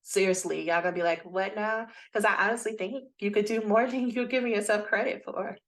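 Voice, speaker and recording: Woman, group coach, blunt, lively, talks straight to the listeners, middle pitch, video call audio. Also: quick pace. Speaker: dissertation coach. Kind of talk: live coaching session.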